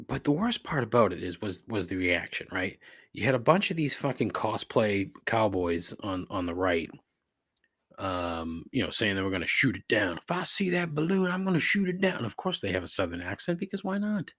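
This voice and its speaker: A man with a low, husky voice delivers a sarcastic, profanity-laced solo podcast rant. His pitch leaps up and down as his exasperation builds. The sound is dry and close to the mic. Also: sing-song, moderate pace, fairly bright tone, no echo. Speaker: podcast host.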